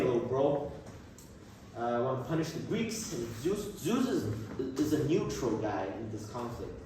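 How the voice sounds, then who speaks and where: A man's voice: medium pitch, slight background noise. A teenage boy casually retelling an old epic in a rambling, slangy way, often correcting himself. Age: teens. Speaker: storyteller. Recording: very echoey room from far off.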